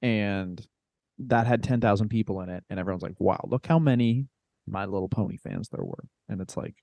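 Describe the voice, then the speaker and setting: A man's voice: on the low side, big pitch swings, normal speed, vocal fry, a little mellow, no echo. A man co-hosting a casual comedy podcast, explaining history with wry jokes and laughter. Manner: laughing, wry storytelling with swearing. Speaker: podcast co-host.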